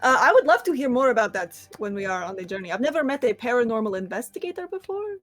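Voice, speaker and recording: A woman's voice: a little high, big pitch swings, fast, soft background music. A woman playing a huge, friendly, polite warrior in a tabletop game, in near her own voice. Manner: polite, casual.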